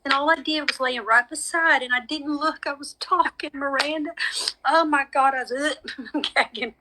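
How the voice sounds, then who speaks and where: A woman's voice: sits high, fairly even intonation, normal speed, sharp tone, a little hiss or hum, low-quality recording. A woman with a lot of drama, chatting casually with viewers on a live stream and calling them y'all. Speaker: medium hosting a live stream.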